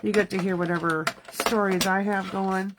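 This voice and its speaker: A card-making livestream host in her thirties chats casually from her home studio, talking to herself while working. She speaks at a moderate pace in a medium-pitched, steady voice, with some background noise.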